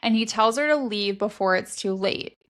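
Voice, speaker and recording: A young woman co-hosting a book podcast, summarizing the story in a steady, matter-of-fact way. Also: medium pitch, normal speed. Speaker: podcast co-host. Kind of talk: casual book recap chat.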